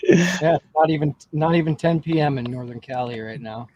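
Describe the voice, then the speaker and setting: Male co-host, casual and laid-back, slightly high voice. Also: a little fast, a little mellow, no echo, lo-fi sound. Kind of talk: casual chat.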